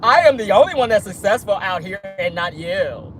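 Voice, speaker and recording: A woman putting on a squeaky, sing-song imitation of a boastful woman official, mocking her. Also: animated, normal speed, soft background music, close to an everyday voice.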